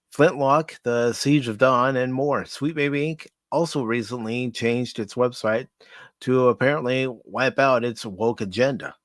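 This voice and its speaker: A man's voice: medium pitch, no echo. A man hosting a pop culture talk show, reading news items aloud and breaking off for wry asides. His voice sits mid-range, close and dry. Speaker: host.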